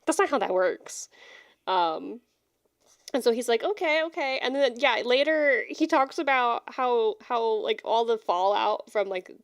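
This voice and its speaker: Young woman co-host, casual book chat, lively paraphrasing, dry close sound. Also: fairly high pitch, unhurried, no room sound. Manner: animated, quotes characters in slangy paraphrase. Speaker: podcast co-host.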